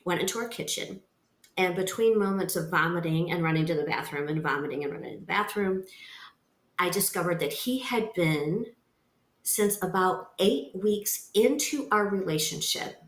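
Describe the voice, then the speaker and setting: A woman's voice: fairly low pitch, normal speed. Earnest woman in a roomy room. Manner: earnest, emphatic storytelling. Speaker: guest, nonprofit founder. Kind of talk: personal testimony in a podcast interview. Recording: roomy echo.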